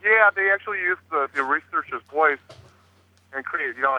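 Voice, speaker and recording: A man's voice: fairly high pitch, normal speed. A man talking about his investigations in a rambling way, with many fillers and restarts. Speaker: paranormal investigator guest. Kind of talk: casual chat on a phone-in talk show. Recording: tinny dry phone line.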